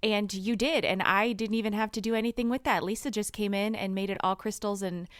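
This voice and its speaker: A woman's voice: mid-range voice, fairly even intonation, brisk, no room sound. A woman in her thirties co-hosting a podcast in casual chat, giggly and rambling as she tells stories. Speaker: podcast co-host.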